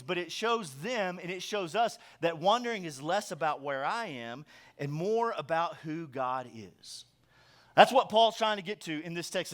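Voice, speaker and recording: A man's voice: fairly high pitch, fairly bright tone. Joking, conversational man preaching a sermon. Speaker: pastor.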